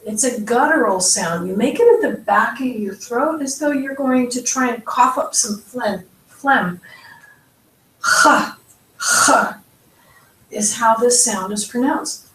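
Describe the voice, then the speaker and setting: American woman, language teacher, unhurried and careful, roomy distant recording. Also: a little high. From United States. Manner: patient, careful, spells out sounds slowly. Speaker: Hebrew teacher. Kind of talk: slow step-by-step language lesson. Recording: echoey room, voice from off-mic.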